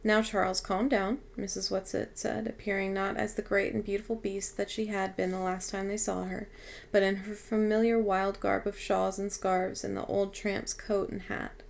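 Woman reader with a heavily gravelly voice, steady audiobook narration. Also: medium pitch, normal speed, slight background noise. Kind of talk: audiobook reading.

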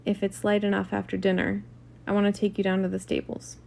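A woman's voice: medium pitch, completely flat delivery, a little fast, gravelly, a little mellow, slight background noise, close to an everyday voice. A woman reading a glum wealthy husband. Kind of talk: amateur read-aloud of a novel.

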